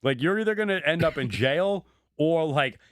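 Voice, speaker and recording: A man with a smooth, resonant voice riffs loosely with a friend. He swears freely and talks at a mid pitch. The recording is dry and close. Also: animated, normal speed, fairly bright tone, no room sound. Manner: profane, riffing, backchannels a lot. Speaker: podcast co-host. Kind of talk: casual chat.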